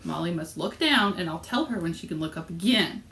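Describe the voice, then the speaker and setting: A woman's voice: lowish voice, expressive, fairly quick, a bit bright, a little hiss or hum. A woman co-hosting a knitting podcast in casual chat, bubbly and jokey. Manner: bubbly, jokey, laughs often. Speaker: podcast co-host. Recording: echoey room with faint ambience.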